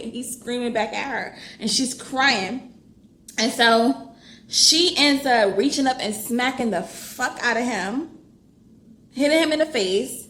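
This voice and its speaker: Animated woman book vlogger, echoey room. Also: on the high side, slow pace. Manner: animated, swears freely, bursts of laughter and exclamation. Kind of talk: casual reading vlog, reading aloud and reacting. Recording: echoey room with faint background noise.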